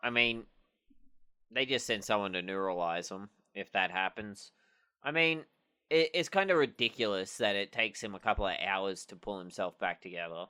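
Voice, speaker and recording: Low-voiced, bright-toned podcast man. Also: moderate pace, clean tone. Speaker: podcast co-host. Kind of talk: casual chat.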